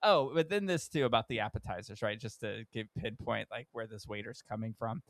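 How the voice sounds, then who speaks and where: A man co-hosting a podcast who tells a story in casual chat, acting out the people he quotes with sudden jumps in his voice. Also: brisk. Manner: animated storyteller, acts out quoted people with big pitch jumps. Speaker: podcast co-host.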